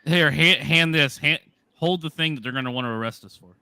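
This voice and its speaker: Bright-voiced joking man. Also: a little high, clean tone, no echo, clean studio sound. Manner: joking, quick wisecracks. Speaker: co-host guest. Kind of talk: casual live-stream chat.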